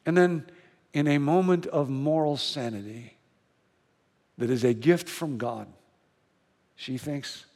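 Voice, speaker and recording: A male pastor preaching a sermon in a church, telling a story with earnest, slow and emphatic repetition. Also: fairly high pitch, darkish tone, long reverb tail. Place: church sanctuary.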